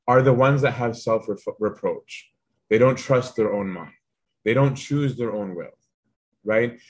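A man's voice: fairly low pitch, breathy edge. A man giving an informal spiritual lesson in a conversational way, often checking in with "right?" and retelling a text with animation. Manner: conversational, tags lines with "right?". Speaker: teacher.

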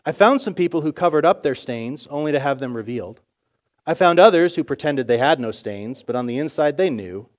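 A man voicing a small, weary stained boy who pleads earnestly and stammers when excited. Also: on the high side, a little fast, natural voice. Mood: pleading.

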